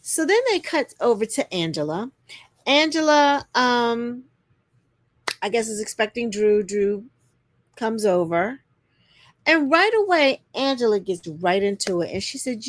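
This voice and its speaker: Speaking unhurriedly and expressively, this woman runs a laid-back reality TV recap. She's sassy, addresses viewers directly, and performs quotes in a put-on voice that jumps in pitch. The recording is dry, with clean studio sound.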